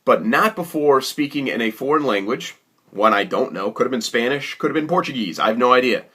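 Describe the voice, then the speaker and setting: Animated man telling a comic story. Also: medium pitch, a little fast, slightly rough. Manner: animated, rambling, exasperated retelling.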